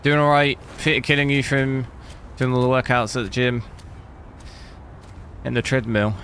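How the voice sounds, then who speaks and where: Chatty streamer with a bright voice. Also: male voice, mid-range voice, little pitch movement, a little slow, slight background noise. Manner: rambling, chatty, answers viewer chat. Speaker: gaming streamer. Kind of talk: casual live-stream chat while benchmarking.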